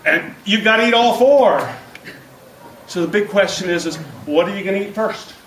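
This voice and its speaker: A man with a Northern Irish accent giving an animated workshop talk to a live audience, acting out reactions with sudden loud outbursts. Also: sits high, normal speed, a little hiss or hum. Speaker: workshop speaker. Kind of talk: lively audience presentation. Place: seminar room with live audience. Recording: echoey room, speaker far from mic.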